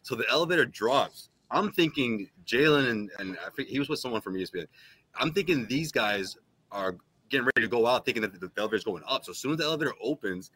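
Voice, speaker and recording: A man on a sports podcast panel, telling an anecdote in animated, laughing casual chat. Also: mid-range voice, fast. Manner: animated storyteller, laughs often.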